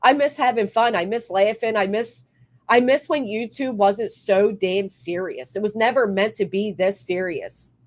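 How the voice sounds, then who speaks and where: A woman livestreamer with a medium-pitched voice speaks a little slowly. Fired-up and foul-mouthed, she mixes blunt rants with shout-outs thanking her members.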